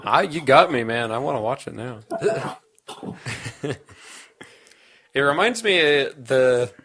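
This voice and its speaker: A man's voice: medium pitch, lively intonation, slow, a bit bright, husky. A young man co-hosting a podcast in casual chat, laid-back, laughing often and trailing off mid-thought. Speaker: podcast co-host.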